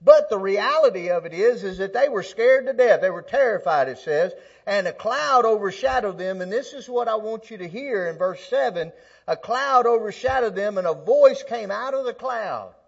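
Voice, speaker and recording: A man preaches in a loose, conversational style, often restarting his phrases before building to forceful peaks. The recording has a slightly dull, lo-fi sound. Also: high-pitched, expressive, normal speed, husky. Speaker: pastor. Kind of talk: sermon.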